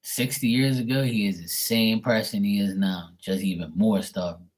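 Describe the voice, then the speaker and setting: A man's voice: lowish voice, steady tone, moderate pace. A middle-aged man reading tarot on a live stream, telling a rambling family story in casual chat, swearing and mimicking his relatives. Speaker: tarot reader.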